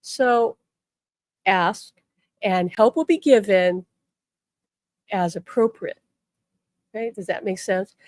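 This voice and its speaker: A woman's voice: mid-range voice, slow pace, long pauses, darkish tone, no room sound, studio quality. A middle-aged woman giving an earnest, emphatic teaching talk as a spiritual teacher, leaning into key words. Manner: earnest and emphatic, acting out quoted voices. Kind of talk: direct-to-camera teaching talk.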